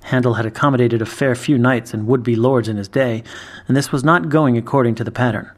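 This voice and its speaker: Guy reading a fantasy story out loud, steady and even. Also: medium pitch, a little fast. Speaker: story reader. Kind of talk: scripted narration.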